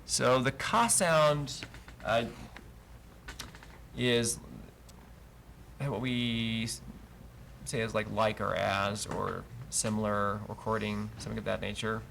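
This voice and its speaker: A man's voice: on the low side, fairly even intonation, slow pace, vocal fry, long pauses, a bit bright, a little hiss or hum. A man teaching a live class, patient and explaining step by step with many fillers. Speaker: Hebrew teacher. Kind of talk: live Bible language class. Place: congregation classroom.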